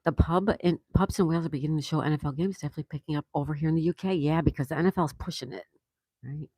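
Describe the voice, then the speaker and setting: A woman's voice: deep voice, rapid-fire, warm tone, husky, no room sound. A woman hosting a livestream, chatting casually and greeting viewers by name as she reads their comments aloud. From Florida. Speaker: livestream host.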